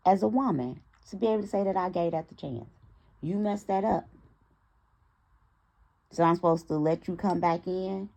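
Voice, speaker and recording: Low gravelly woman telling a story. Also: normal speed, long pauses. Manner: animated, talks straight to her audience, acts out quoted dialogue. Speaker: storytime vlogger. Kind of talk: casual storytime to viewers.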